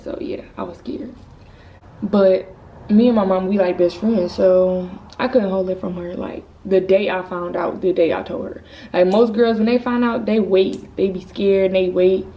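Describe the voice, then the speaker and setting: A woman's voice: mid-range voice, dull audio. A teenage girl, a vlogger, telling a personal story in a casual, rambling, candid way. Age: teens. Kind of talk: storytime vlog. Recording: slightly distant mic with faint noise.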